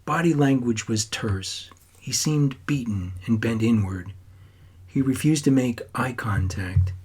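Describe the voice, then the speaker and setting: A man reads a piece of fiction aloud in a measured, plain manner. His voice is low and husky, steady through the narration.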